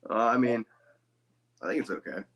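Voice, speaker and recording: A man guesting on a casual podcast chat, teasing the host in a dry, deadpan way. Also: medium pitch, a little fast, slight background noise. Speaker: guest voice actor.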